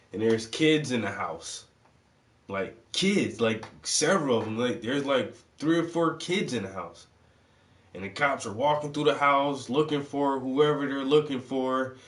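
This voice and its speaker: A man hosting his channel, telling a story as a loose, profane rant full of "like". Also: medium pitch. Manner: profane, rambling, heavy use of "like". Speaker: channel host. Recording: roomy, distant from the mic.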